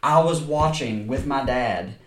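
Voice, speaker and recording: A man's voice: medium pitch, measured pace. A man co-hosting a casual movie podcast, rambling and laughing often as he jokes. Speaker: podcast co-host. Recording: echoey room with chatter behind.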